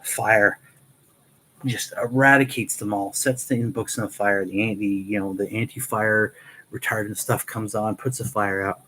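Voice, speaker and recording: A man's voice: lowish voice, fairly even intonation, unhurried, a bit bright, slight background noise, low-quality recording. A man hosting a Q&A, casually rambling through stories with many restarts. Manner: rambling, full of fillers and restarts. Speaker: host of a Q&A channel.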